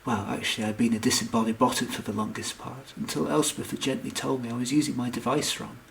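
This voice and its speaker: A man reading a comic science fiction audiobook with wry, expressive narration. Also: mid-range voice, quick pace, vocal fry. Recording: echoey room, distant mic, faint noise.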